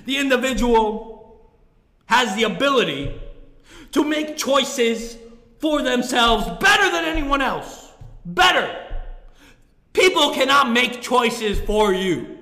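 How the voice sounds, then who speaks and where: A man shouts a profane, self-mocking comedy rant, swearing freely as he goes. His voice is very high and piercingly bright with a gravelly edge. It bounces around a bare room with a long, echoing reverb. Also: big pitch swings, slow, pauses often. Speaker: comedian ranting to camera. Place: room in the middle of his building, no studio.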